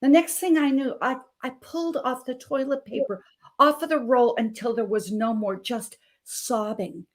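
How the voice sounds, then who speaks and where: A middle-aged woman from Montana, a guest health coach telling her personal story with dramatic swings from hushed to emphatic. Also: sits high, steady tone, normal speed. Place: video call.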